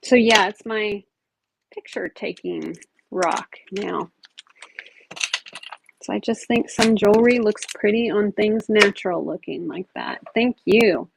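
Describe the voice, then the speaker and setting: A woman with a creaky, mid-range voice talks slowly over a noisy background while selling jewelry at a live online auction. She keeps the stream chatty and casual, describing each piece as she handles it.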